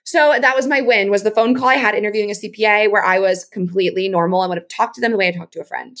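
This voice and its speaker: A woman's voice: mid-range voice, racing, a bit bright. A woman speaking as a podcast guest in casual chat, reflective and full of "like" fillers.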